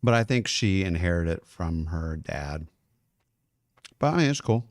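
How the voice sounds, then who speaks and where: A man's voice: sits low, animated, unhurried, no echo, clean studio sound. A man, a music producer, chatting casually and rambling as he masters a song live, swearing now and then. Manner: talks while chewing. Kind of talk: casual livestream talk while mastering.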